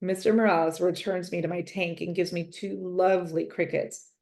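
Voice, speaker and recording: A woman reading a children's chapter book aloud, gentle and expressive, in first person. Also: lowish voice, normal speed. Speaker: reader. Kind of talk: storybook read-aloud.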